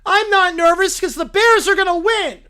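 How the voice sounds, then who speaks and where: A synthetic voice playing a small, hot-tempered male bear cub in a fan-made cartoon, yelling and whining. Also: animated, unhurried, creaky, heavily acted. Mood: boastful. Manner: shrill, whiny, yelling.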